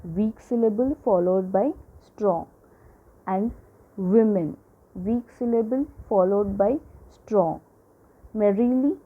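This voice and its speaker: A woman teacher giving a lesson, explaining slowly and repeating points with frequent checks like "okay" and "right". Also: mid-range voice. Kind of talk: classroom lecture. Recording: tinny phone-like audio.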